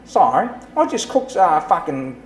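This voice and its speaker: A man putting on a put-on Australian accent to voice a brash, swearing Australian bloke with loud slang. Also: a little high, wildly swooping pitch, measured pace, a little hiss or hum. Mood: boisterous. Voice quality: loud, swaggering slang talk. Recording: roomy echo.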